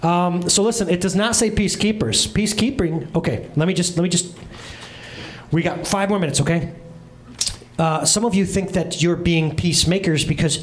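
This man in his thirties is a pastor giving a humorous sermon on a church stage, animating his stories with comic voices and brisk asides. His voice sits high, and the recording has a little hiss or hum.

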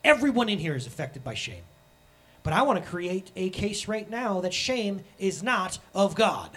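A man in his thirties preaching a sermon as pastor, animated and acting out the voices he quotes. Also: sits high, moderate pace.

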